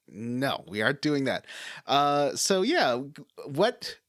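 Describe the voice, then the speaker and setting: Male podcast co-host, excitable rambler, very animated pitch. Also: slow pace, no echo, studio quality. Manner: rambling, enthusiastic, restarts. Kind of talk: casual podcast chat.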